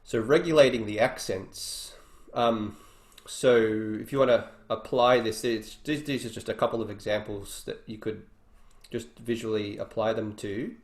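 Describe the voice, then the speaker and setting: A man's voice: on the low side, a little slow. A man teaching guitar in an online workshop, explaining casually and thinking aloud between demonstrations. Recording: roomy echo with faint guitar.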